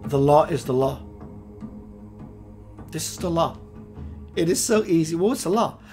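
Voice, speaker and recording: A man hosting a spiritual radio show, preaching with playful rhymes and sudden swings between loud and hushed. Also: a little high, animated, unhurried, soft background music. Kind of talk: impassioned spiritual talk.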